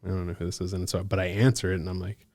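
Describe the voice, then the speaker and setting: A man from Alaska working as a case manager, telling his own story in a casual, slangy podcast chat full of "like" and "bro" and quick laughs. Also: low voice, flat delivery, darkish tone, dry recording, studio quality.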